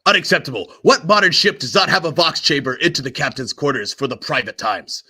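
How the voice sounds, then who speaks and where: A man voicing a loud, blustering, angry starship captain in a tabletop game. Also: a little high, fairly quick, husky, exaggerated voice. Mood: enraged.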